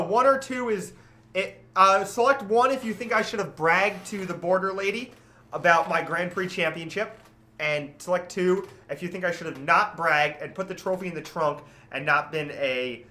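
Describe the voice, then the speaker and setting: A man's voice: high voice, moderate pace, sharp tone. A man co-hosting a casual podcast, rambling with lots of fillers and laughing often. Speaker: podcast co-host. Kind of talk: casual chat.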